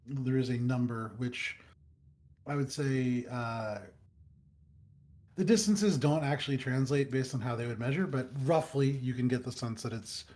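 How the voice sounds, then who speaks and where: A man's voice: medium pitch, a little slow, darkish tone. A man narrating a tabletop game as dungeon master, describing the scene with frequent ums and uhs. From United States.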